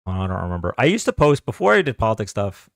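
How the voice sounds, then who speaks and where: A man's voice: on the low side, big pitch swings, quick pace, vocal fry, no echo, clean studio sound. A man hosting a live political debate stream, talking casually and hesitantly with many fillers and restarts.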